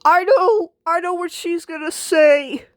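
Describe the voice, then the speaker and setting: A woman voicing a bratty, squeamish female washing machine in a homemade skit, talking in a shrill, bossy and dramatic way. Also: unhurried, no room sound, studio quality. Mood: excited. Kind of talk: homemade skit role-play.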